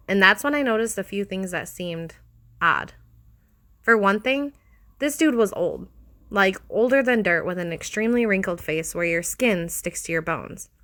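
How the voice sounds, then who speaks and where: A woman narrating a scripted horror story in a steady, expressive way. Her voice is bright and forceful, with a medium pitch. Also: moderate pace.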